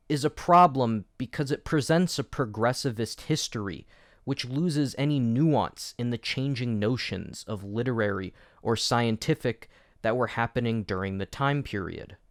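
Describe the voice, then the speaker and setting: A man's voice: medium pitch, no room sound, clean studio sound. Wry man giving a history lecture. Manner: wry, jokey asides. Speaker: educational YouTube host. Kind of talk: video essay lecture.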